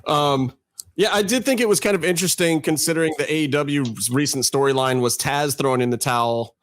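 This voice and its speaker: A man's voice: a little high, brisk, a bit bright, dry recording. A man co-hosting a casual podcast chat, talking in a dry, sarcastic, nitpicking way. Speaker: podcast co-host.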